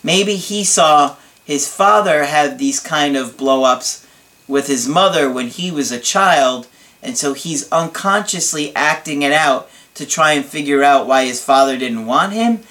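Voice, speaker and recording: A man's voice: fairly high pitch, animated, measured pace, sharp tone. A man working as a relationship coach, giving blunt and emphatic advice in a video, with playful asides. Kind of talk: advice video reading and answering a viewer's letter.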